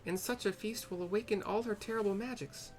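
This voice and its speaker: A man voicing a small, high-strung male mage who pleads frantically in a shrill voice. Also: fairly quick, a little mellow, distant mic, soft background music, lightly acted, poor audio. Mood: alarmed.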